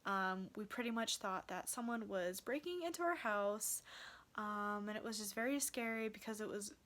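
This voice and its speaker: A young woman tells a story straight to her viewers in a loose, rambling way, with plenty of "like" and "um". She sounds tired at the end of a long day. Her pitch sits in an ordinary middle range. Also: moderate pace, fairly bright tone. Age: young adult. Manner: rambling, heavy use of "like" and "um". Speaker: vlogger. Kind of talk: casual storytelling vlog.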